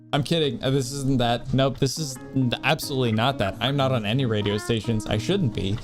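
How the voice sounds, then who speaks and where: A man streaming a game, talking casually in a rambling, self-mocking way at a mid pitch. Soft music plays faintly behind him. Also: fairly even intonation, a little fast, hardly any pauses. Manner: rambling, self-deprecating, jokey.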